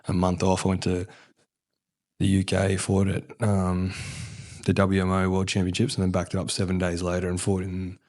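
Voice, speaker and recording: A deep-voiced Australian man swaps rough, swear-laden stories on a podcast. His tone is blunt and casual, with laughter breaking in, and his voice sits low. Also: completely flat delivery, moderate pace, darkish tone. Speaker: guest. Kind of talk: casual interview chat.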